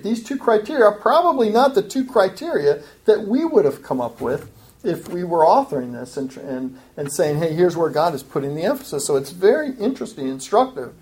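A woman preaching a sermon in an emphatic teaching style, often restarting phrases. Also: darkish tone. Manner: emphatic, rises in pitch for quoted lines, frequent restarts. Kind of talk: expository sermon.

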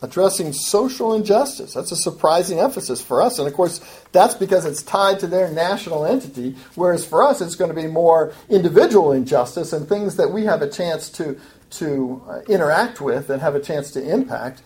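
A woman's voice: animated, a little fast, a little mellow. A woman preaching a sermon in an emphatic teaching style, often restarting phrases. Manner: emphatic, rises in pitch for quoted lines, frequent restarts. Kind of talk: expository sermon.

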